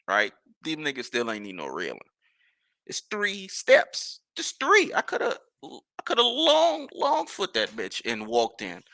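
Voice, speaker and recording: Animated New man, gravelly voice. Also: on the high side, no echo. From New Orleans. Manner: rambling, profane, animated storytelling. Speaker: podcast host. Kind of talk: casual storytelling.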